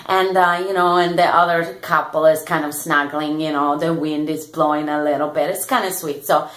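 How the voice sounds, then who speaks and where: A woman's voice: low-pitched, steady tone, normal speed, fairly bright tone, roomy sound. A woman playing a chatty middle-aged Italian gondolier who talks in broken English with an Italian accent, rambling, sentimental and laughing often. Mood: tender. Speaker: host. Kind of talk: comedic character monologue.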